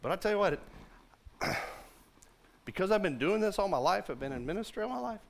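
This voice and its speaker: Man in his fifties, pastor, high voice, chatty sermon, hushed to loud. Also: lively intonation, brisk, gravelly. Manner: conversational and jokey, shifting from hushed to loud.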